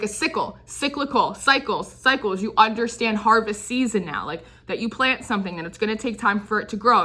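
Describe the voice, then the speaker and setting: A woman's voice: mid-range voice, pushed and bright. A young woman giving a casual, chatty tarot reading, full of fillers and repeated phrases. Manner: chatty, filler-heavy, repeats phrases, drifts into quick put-on voices. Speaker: tarot reader.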